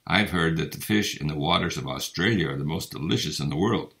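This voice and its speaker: A stubborn, haughty seal from a storybook who will not give way, voiced by a man reading aloud. He drawls deliberately and low, with a gravelly edge. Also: a bit bright, full character voice.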